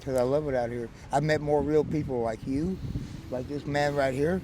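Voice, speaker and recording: A man's voice: medium pitch, moderate pace. Man with a West Texas drawl. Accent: West Texas Southern drawl. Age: 40s. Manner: rambling, joking storyteller who laughs often. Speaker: interviewee. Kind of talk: casual street interview. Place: outdoors by a street. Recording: outdoor street noise.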